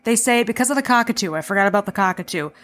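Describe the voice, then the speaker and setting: A woman's voice: mid-range voice, lively intonation, very fast, a bit bright. Woman, podcast host, casual recap, chatty, swears freely, mid-range voice. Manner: chatty, swears, self-deprecating asides.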